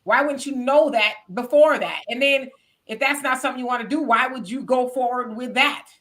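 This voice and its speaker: A woman's voice: high-pitched, normal speed, a bit bright. A woman hosting a casual talk show, probing her guest with skeptical questions. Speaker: host.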